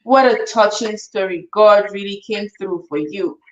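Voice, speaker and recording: A woman's voice: mid-range voice, a little slow, dull audio. A woman hosting a live online show, effusively thanking and blessing her guest and reading out audience questions. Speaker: host.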